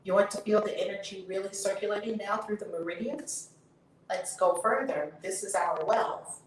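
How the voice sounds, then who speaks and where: Woman, guided tapping coach, drawn-out breathy affirmations, faint background noise. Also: medium pitch. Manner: slow drawn-out chanted affirmations, breathy and emphatic. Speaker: YouTube host leading a tapping session. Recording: echoey room, distant mic, faint noise.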